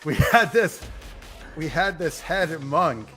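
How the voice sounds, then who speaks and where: Bright-voiced, rambling role-play player. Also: male voice, fairly high pitch, slow, faint music behind. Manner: rambling, animated storytelling. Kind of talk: in-character tabletop role-play.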